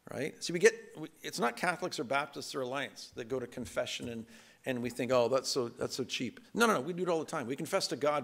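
A man pastor giving a conversational, self-deprecating sermon in a church, slipping into quick acted asides. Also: medium pitch, creaky, fairly bright tone. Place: church sanctuary.

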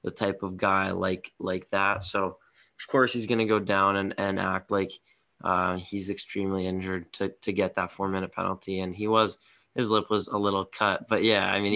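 A man's voice: sits low, sharp tone. A tired man co-hosting a hockey podcast, giving blunt, rambling opinions. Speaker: podcast co-host. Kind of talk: casual hockey podcast chat.

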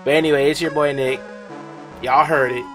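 A man's voice: a little high, fairly even intonation, moderate pace, music in the background. A young man hosting a reaction video, talking in a hyped, rambling, slangy way. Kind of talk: casual reaction commentary.

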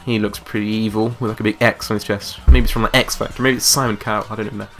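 A man's voice: on the low side, flat delivery, very fast, fairly bright tone, soft background music. A man giving chatty, joking commentary over a video game. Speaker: let's play commentator.

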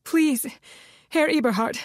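A woman's voice: sits high, measured pace, no echo, pitched above the performer's own voice. A tough mother barks commands in a raised, urgent voice, as a woman narrator puts her on. The audiobook recording is dry and close. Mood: pleading. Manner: commanding, shouting. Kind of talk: audiobook character voice.

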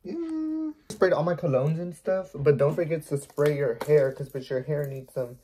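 A man's voice: on the high side, expressive, normal speed, mellow, slight background noise. A young man vlogging, chatting to the camera in a sassy, swear-filled way, first at home, then in his car and at a dealership. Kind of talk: casual chat to camera.

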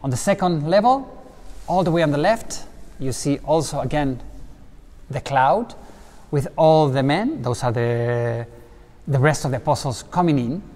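A little high in pitch and measured in pace, this lively man leads a casual guided tour inside a stone cathedral cloister. He mixes explanations with asides while the long reverb of the stone echoes through the recording.

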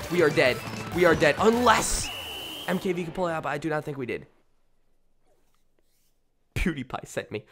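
A man streaming a video game late at night, tired and rambling, with sudden bursts of shouting. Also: high-pitched. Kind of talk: live gameplay commentary.

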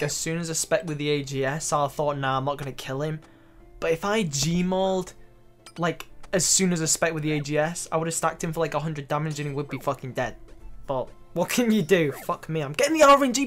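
A young man giving excitable, profanity-laced commentary over his own gameplay clips. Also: a little high. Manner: excitable, swears freely, loud exclamations. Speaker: gaming YouTuber. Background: faint background music.

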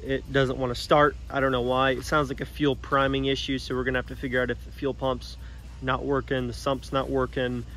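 A man casually talking about his pickup truck, animated and slangy, addressing his viewers directly. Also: medium pitch, a little fast, a little hiss or hum. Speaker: truck vlogger. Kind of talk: casual vlog talk.

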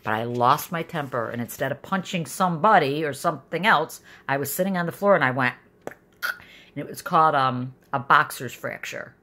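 Low-voiced woman venting in a vlog. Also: animated, moderate pace, sharp tone. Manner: emotional, rambling, frustrated. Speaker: vlogger. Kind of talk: personal video diary.

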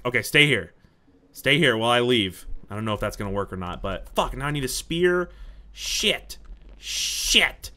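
A young man giving casual gameplay commentary, talking to himself, excitable and swearing often. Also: medium pitch. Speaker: gaming YouTuber.

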